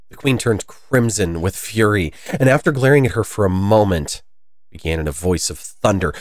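A man reading a classic children's story aloud in a lively, expressive way. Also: on the low side, moderate pace, no room sound, studio quality.

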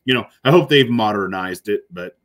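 A man with a fairly low voice talks through a video in a loose, casual way. He rambles and leans on fillers and restarts as he reacts as a corrections officer. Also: animated, normal speed, fairly bright tone.

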